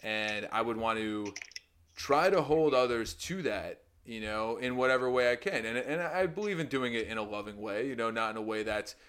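Guy chatting on a podcast, mid pitch, lots of "you know" and "man", gets loud and lively telling stories. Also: moderate pace, clean tone. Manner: animated storyteller who acts out quotes with loud pitch jumps; swears casually, many fillers like "you know" and "man". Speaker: podcast co-host. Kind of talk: casual podcast chat.

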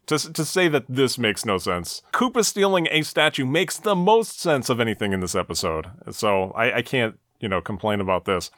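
A man's voice: mid-range voice, lively intonation, normal speed, few pauses, a bit bright. Guy hosting a recap podcast, dry jokey delivery, no room echo at all. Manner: dry, wry recapping with a joking tone. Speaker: podcast host. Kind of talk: casual recap commentary.

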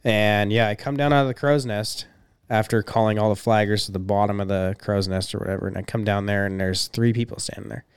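A man's voice: fairly low pitch, steady tone, brisk, clean tone, no room sound. A young man co-hosting a podcast, telling stories in a laid-back way, swearing freely and laughing often. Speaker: podcast co-host and race promoter. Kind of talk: casual chat.

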